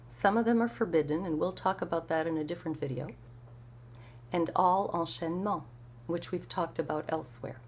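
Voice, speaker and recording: A woman teaching the recitation of French poetry, explaining each rule with slow, careful enunciation. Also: on the low side. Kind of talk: spoken lesson with recitation.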